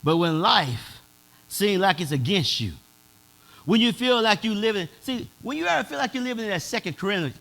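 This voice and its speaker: High-voiced pastor man preaching, aave, gets shouty, real bright tone. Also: sing-song, moderate pace, gravelly. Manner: preaching in a dialect, swelling to shouts. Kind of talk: sermon.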